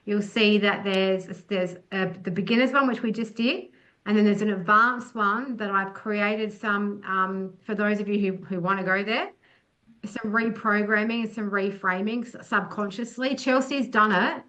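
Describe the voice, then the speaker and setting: A woman's voice: mid-range voice, steady tone, normal speed, pushed and bright, rough recording. Earnest young woman leading breathwork. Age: young adult. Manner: earnest, affirming, many restarts. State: losing her voice. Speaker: breathwork facilitator. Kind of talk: online group session talk.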